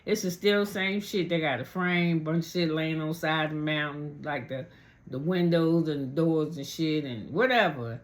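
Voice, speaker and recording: A woman vlogger casually recapping a reality TV episode, rambling and cursing freely with colloquial grammar, and jumping her pitch when she acts out quotes. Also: moderate pace.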